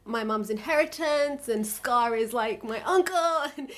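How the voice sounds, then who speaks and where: A woman schoolteacher, a guest chatting casually on a podcast, who tells animated stories and laughs often. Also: a little high, a little slow.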